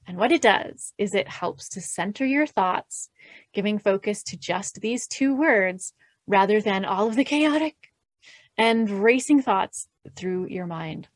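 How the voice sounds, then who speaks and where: A woman calmly explaining breathing mantras in an interview, gentle and measured, with light laughs. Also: medium pitch, dry recording. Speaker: podcast host and guest expert. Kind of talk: calm instructional explanation.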